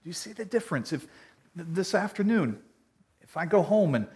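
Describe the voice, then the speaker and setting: A man delivers a sermon in an earnest, conversational tone. His voice sits a little high for a man. He swings between loud, emphatic lines and quiet, soft passages. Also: big pitch swings, fairly quick. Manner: earnest, conversational preaching with wide swings in loudness. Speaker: pastor.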